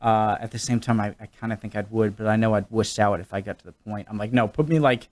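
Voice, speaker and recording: A man's voice: on the low side, monotone, fast talker, a little mellow. A man from New England with an American accent, chatting casually as a YouTube reactor, hesitant and self-deprecating with many restarts. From New England, United States.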